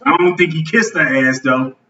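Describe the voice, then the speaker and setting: A man hosting a live podcast on a club stage, joking loudly and swearing a lot. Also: on the high side, normal speed. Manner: loud, profane, joking. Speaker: podcast host. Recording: roomy lo-fi live venue recording from a distance.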